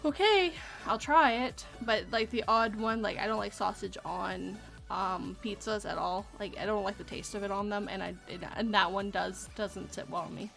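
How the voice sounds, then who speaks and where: A woman with a Canadian accent hosting a casual podcast chat, chatty and quick to laugh. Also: medium pitch, fairly even intonation, creaky, a bit bright, faint music behind. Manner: giggly, chatty. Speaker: podcast host.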